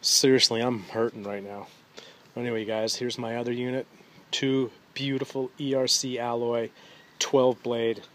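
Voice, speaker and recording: A man's voice: mid-range voice, little pitch movement, measured pace, fairly bright tone. A middle-aged man doing a casual, enthusiastic unboxing at home, who keeps saying "you guys" to his viewers. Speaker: RC hobby vlogger.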